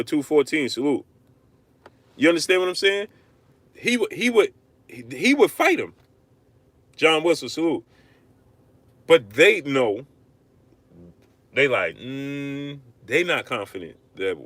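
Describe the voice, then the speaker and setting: A man hosting a live-stream boxing rant, arguing hard, repeating himself and shouting out viewers. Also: on the high side, unhurried, long pauses, dry recording. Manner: animated, repetitive, argumentative, shouting out viewers. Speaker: livestream host.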